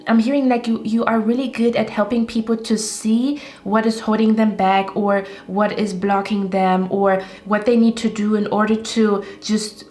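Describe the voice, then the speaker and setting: Woman doing a tarot reading, flat even voice, lots of like and um, talks right to you. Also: mid-range voice, moderate pace, few pauses. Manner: rambling, reassuring, addresses viewers directly. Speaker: tarot reader.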